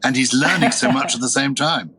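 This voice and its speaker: A man's voice: mid-range voice, a little fast, very noisy. An older man co-hosting a podcast, making playful jokey remarks while riding in a car. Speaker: co-host. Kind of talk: casual podcast chat.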